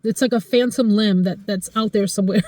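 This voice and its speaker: A woman in her forties vlogs casually to camera about her life, expressive and emotional, her voice leaping high when she gets excited. She talks fairly quickly, and the studio-quality audio has no echo.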